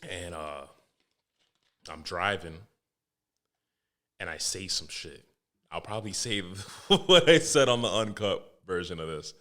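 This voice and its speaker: A young man hosting a podcast, telling stories in a loose, animated way, swearing heavily and restarting his sentences. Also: sits low, slow pace, pauses often. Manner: animated storytelling, heavy swearing, frequent restarts. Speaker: podcast host. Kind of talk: casual podcast monologue.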